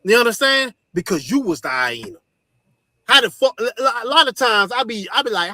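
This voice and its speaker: A man preaching forcefully to his listeners, repeating "you understand" and swearing often. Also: sits high, big pitch swings, normal speed, dry recording, clean studio sound. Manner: forceful, repetitive, profane. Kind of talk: street sermon teaching.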